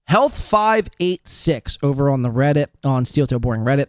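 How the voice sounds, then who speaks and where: A man's voice: sits high, animated, normal speed, few pauses, clear, resonant tone, dry recording, clean studio sound. A man hosting a podcast in a casual, crude, mocking way, swearing freely. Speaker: podcast host.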